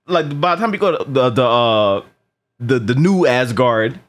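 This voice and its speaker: A man with a mid-range voice speaks at normal speed in a casual movie review. He's animated and profane, acting out the film's lines and repeating words often.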